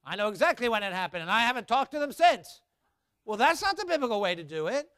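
A man's voice: very high-pitched, very animated, fast talker, pushed and bright, dry recording, studio quality. A man preaching a sermon, emphatic and repetitive, leading the congregation in repeating lines and reading scripture in old formal wording. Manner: leads congregation in call-and-response. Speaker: pastor.

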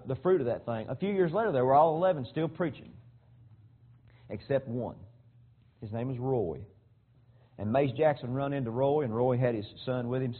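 Man, preacher, folksy fervent sermon storytelling, mid-pitched voice, tinny phone-line audio. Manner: fervent, folksy, repeats words.

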